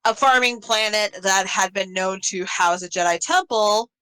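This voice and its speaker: A woman game master recapping the last session of a tabletop campaign in a relaxed way, laughing often between lines. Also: mid-range voice, normal speed, clean tone, rough recording.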